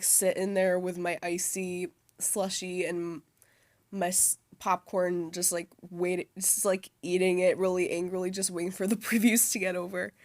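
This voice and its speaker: A young college-age woman talks on camera from her dorm bed, rambling along with plenty of fillers and restarts. Her voice sits fairly low and stays flat, with little rise and fall. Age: young adult. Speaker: vlogger. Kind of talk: casual chat.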